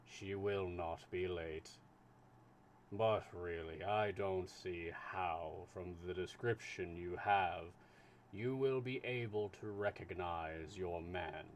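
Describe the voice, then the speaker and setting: A man voicing a calm, patient consul in a live reading of a classic novel, speaking slowly and measured. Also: slight background noise. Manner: slow, low and measured.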